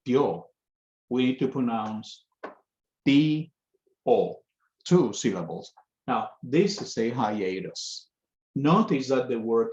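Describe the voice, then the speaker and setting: A man gives a lesson at an unhurried, deliberate pace, pausing often to explain each point. His voice has a middle pitch and sounds dull and lo-fi in an echoey room. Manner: slow, careful explanation with pauses. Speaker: Spanish teacher. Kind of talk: lecture.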